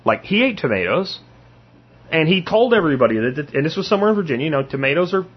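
A man's voice: a little high, sing-song, fast, slightly rough, muffled recording. A man hosting a solo podcast, talking casually and bluntly, rambling and swearing as he tells a story and acts out quotes. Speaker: podcast host.

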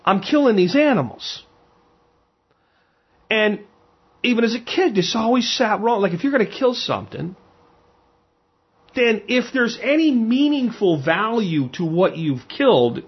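A man's voice: high voice, sing-song, unhurried, long pauses, breathy edge. A man from Pennsylvania who hunts and cooks game, telling stories in a frank, rambling way and often repeating words. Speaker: hunter and cook. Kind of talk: casual storytelling. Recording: dull lo-fi sound.

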